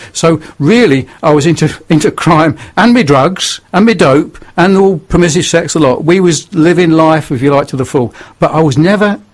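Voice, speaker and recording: An older man with a northern English accent and a slightly higher voice tells his story to a radio host. He speaks bluntly and earnestly. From northern England. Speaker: radio guest. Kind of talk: testimony on radio.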